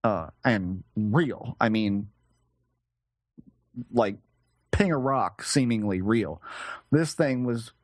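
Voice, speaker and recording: A man's voice: lowish voice, expressive, no room sound. Male guest, hesitant storyteller, dry close recording. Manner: halting, searching for words, frequent restarts. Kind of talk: recounting a personal experience in conversation.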